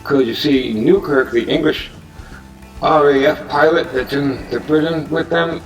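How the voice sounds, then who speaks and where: A man casually pitching a movie idea in a meandering monologue, with restarts and uneven loudness. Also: steady tone, a little slow, distant mic, soft background music, low-quality recording.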